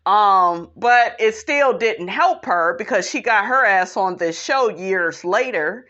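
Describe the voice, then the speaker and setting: A woman's voice: mid-range voice, animated, slow pace, pushed and bright, dull audio. A woman hosting a podcast, giving sassy, emphatic, opinionated commentary and calling listeners honey and child. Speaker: podcast host recapping a reality show.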